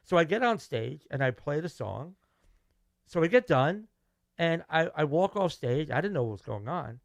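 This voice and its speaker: Middle-aged man, Brooklyn New York accent, lively storyteller acting out the dialogue; slightly raised pitch, dry room. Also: normal speed, creaky, dry recording. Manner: animated, acts out quoted dialogue, restarts. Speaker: guest musician. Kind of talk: casual storytelling interview.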